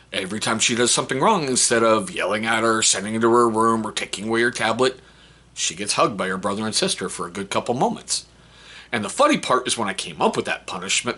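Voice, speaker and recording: Bright, husky-voiced middle-aged man vlogging. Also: fairly low pitch. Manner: rambling, self-mocking, restarts sentences. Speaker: vlogger, stepfather. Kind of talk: casual talk to camera.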